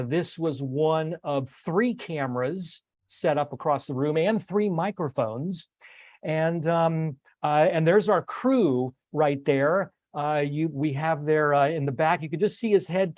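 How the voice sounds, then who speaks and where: An older man hosting a casual talk, rambling warmly with many fillers and restarts as he looks back on his event. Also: a little high, a little slow, no echo. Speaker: host. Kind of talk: casual recap talk on a video stream.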